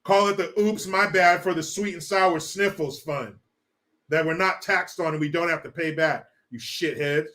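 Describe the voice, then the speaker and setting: This livestream host's voice is a little high, pushed, and bright, delivered at a normal pace. Reading chat in a casual stream, he rants, swears heavily, and laughs a lot.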